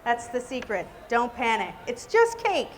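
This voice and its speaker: A woman's voice: a little high, sing-song, measured pace. A woman giving a live cake decorating demonstration, chatty and exclamatory. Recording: reverberant hall with faint noise.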